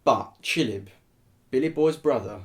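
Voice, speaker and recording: A man's voice: mid-range voice, animated. Joking man on a podcast. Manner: joking banter, quick interjections. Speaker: podcast co-host. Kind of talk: casual chat.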